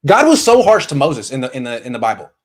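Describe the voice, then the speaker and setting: A man's voice: mid-range voice, big pitch swings, fast. A man hosting a casual call-in sports show, joking and rambling through long stories. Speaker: podcast host taking calls.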